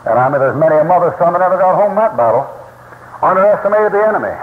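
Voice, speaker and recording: A man's voice: high-pitched, expressive, fast talker. A man preaching a sermon in a folksy, emphatic storytelling way, recorded in a large church hall. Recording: tinny, echoey hall recording from the 1960s.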